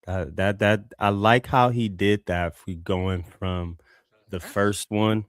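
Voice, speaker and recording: A man from California with a low voice gives his take on a track in a relaxed, slang-filled way. He often stops and restarts mid-thought. The sound is dry and close. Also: clean tone, no echo. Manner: laid-back, slangy, halting restarts. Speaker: music review show host. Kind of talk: casual live reaction chat.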